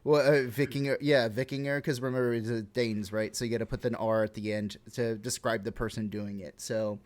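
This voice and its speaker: A man's voice: medium pitch, steady tone, fairly quick. A young man with a Texan accent, co-hosting a casual podcast, rambling through explanations with lots of fillers and swearing. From Texas. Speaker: podcast co-host.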